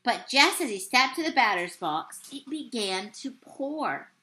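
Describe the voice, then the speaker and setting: Lady teacher reading a kids' story out loud, bright crisp voice, pretty high, very expressive. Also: unhurried, rough recording. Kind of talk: storybook read-aloud.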